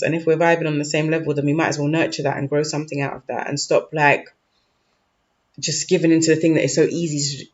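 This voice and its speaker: A man giving a casual tarot reading to camera, informal and slangy, often checking in with "okay?". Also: a little high. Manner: informal, peppered with "okay?" and "like", loose slangy phrasing. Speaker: tarot reader. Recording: dull lo-fi recording with faint noise.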